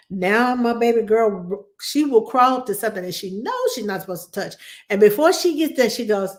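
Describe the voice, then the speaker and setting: A woman working as a nanny, answering viewer questions in a casual live chat. She is animated and talks things through in a conversational way, repeats words for emphasis, and acts out little quoted voices. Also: mid-range voice, moderate pace. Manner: conversational with fillers and restarts.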